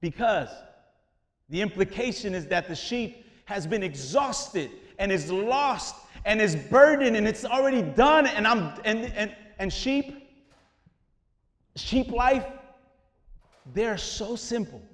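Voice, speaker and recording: A man preaching a sermon in an animated, conversational way, dropping casual slang as he explains. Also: high voice, takes it slowly, in a large hall. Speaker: pastor.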